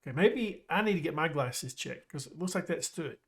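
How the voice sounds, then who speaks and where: A man casually commentating his own football management game, chatty and excitable, joking with his viewers. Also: a little high, brisk. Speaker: gaming YouTuber.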